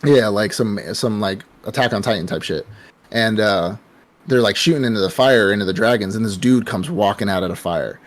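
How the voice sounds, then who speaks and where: Young guy with a lowish voice cussing his way through an anime recap, lots of "like" and "um". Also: a little fast. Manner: profane, rambling retelling with heavy fillers. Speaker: podcast host. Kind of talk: casual anime podcast chat.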